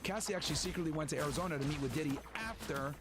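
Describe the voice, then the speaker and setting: Fast-talking man hosting a stream. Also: fairly high pitch. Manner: quick, thinking aloud with fillers and checking facts. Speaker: host. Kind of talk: casual live-stream discussion. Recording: loud game music behind.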